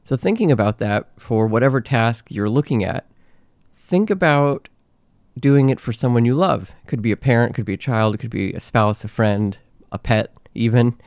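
A man's voice: mid-range voice, normal speed, vocal fry, darkish tone, no echo, studio quality. A man hosting a solo podcast, talking in a reflective, conversational way while sick, with a nasal voice. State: sick, under the weather. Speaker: podcast host.

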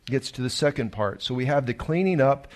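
A man's voice: mid-range voice, expressive, a little fast. A male pastor, preaching a sermon earnestly and emphatically, with restarts and rhetorical questions.

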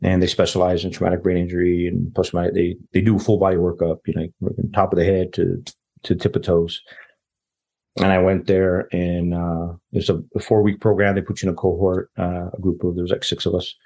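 A man's voice: deep voice, completely flat delivery, a little fast, vocal fry, darkish tone. A man, a guest telling a personal story in casual, rambling talk, often quoting other people. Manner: rambling, quotes others in dialogue. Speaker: interview guest.

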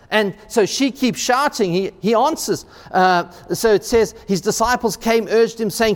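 A male pastor preaching a sermon in a church, animated, often repeating words and acting out quotes. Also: high-pitched, normal speed, hardly any pauses, in a large hall.

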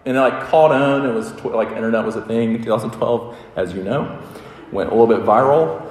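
A man's voice: mid-range voice, fairly quick, darkish tone. A man delivers a sermon in an earnest, conversational way, circling back and repeating his phrases as he builds each point. His voice sits in a middle register. The sound carries the long, roomy echo of a large hall. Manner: earnest, conversational preaching with repetitions. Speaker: pastor. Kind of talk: sermon with opening prayer.

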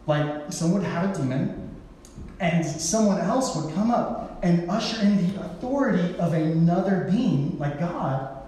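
A pastor with a high, mellow voice delivers a sermon in an echoey hall, captured from a distance. He tells stories casually, using playful voices for the people he quotes.

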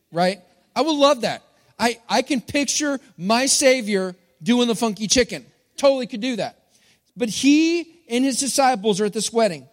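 Preacher with a high voice. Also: male voice. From Texas. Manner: playful, joking with the congregation. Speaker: pastor. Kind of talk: sermon. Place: church hall. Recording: long hall reverb.

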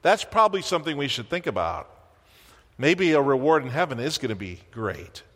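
A man's voice: mid-range voice, big pitch swings, normal speed, a bit bright, in a large hall. A man preaching a sermon as pastor in a church, conversational, with wry asides and rhetorical questions.

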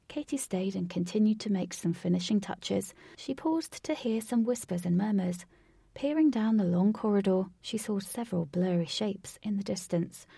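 This close, dry recording carries a woman's medium-pitched voice, mellow and gravelly with a husky edge, with no room sound. She tells a storybook tale slowly, now and then lowering her voice to a whisper.

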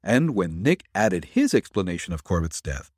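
A man narrating a detective story aloud with expressive storytelling. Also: deep voice, normal speed, gravelly, no echo, clean studio sound. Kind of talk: audiobook narration.

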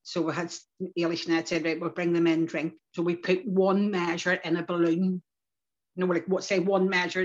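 Through a dull, lo-fi podcast recording comes the lowish voice of an older woman from Northern Ireland. She's a community activist telling lively, reflective stories about her past in a relaxed interview, with plenty of local turns of phrase.

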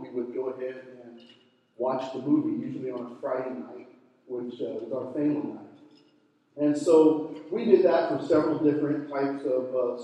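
A man's voice: medium pitch, warm tone, dull audio. Middle-aged male pastor in an echoey hall. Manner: conversational storytelling with fillers. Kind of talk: sermon. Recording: echoey hall, mic from far off.

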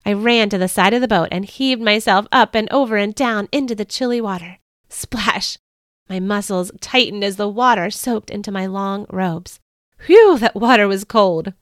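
A woman, host of a family devotional show, reading a children's Bible story aloud with expressive storytelling. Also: mid-range voice, moderate pace, dry recording, clean studio sound. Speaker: author and podcast host.

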